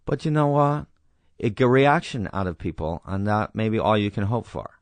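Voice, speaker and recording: An earnest, peculiar grown man, voiced by a man doing an impression, who speaks in slow, broken English and leaves out articles and verb endings. His voice sits low and soft. It is recorded close on a studio podcast mic in a dry room. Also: expressive, no room sound.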